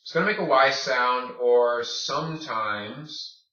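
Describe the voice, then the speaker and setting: A man's voice: mid-range voice, bright, forceful tone, echoey room. Male language teacher, patient drilling delivery, distant dull lo-fi room recording. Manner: drills words slowly, asks "okay?" often. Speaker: Spanish teacher. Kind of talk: video lesson.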